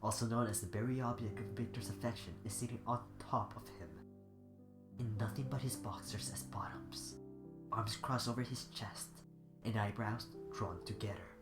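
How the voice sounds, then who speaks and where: A sick man with a congested voice reads fanfiction aloud, rambling and giggly. He sounds off-the-cuff rather than polished. Loud guitar music fills an echoey room. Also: lowish voice, fairly even intonation, moderate pace. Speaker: fanfiction reader. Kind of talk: amateur fanfiction reading.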